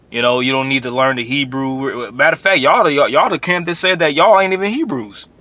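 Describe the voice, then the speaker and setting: Blunt, bright-voiced male preacher. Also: mid-range voice. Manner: blunt, confrontational, repeats phrases. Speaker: religious commentator. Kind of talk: preaching commentary.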